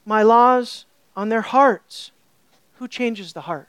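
A woman teaching a sermon, animated and full of rhetorical questions to her listeners. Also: a little high, slow, smooth, dry recording. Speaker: Bible teacher.

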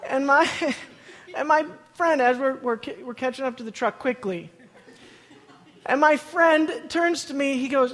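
Bursting with excitement, a man with a notably high voice spins a comic personal story before a crowd, laughing mid-sentence and repeating words. He restarts quickly, and the big hall adds a long, lingering reverb to his animated telling.

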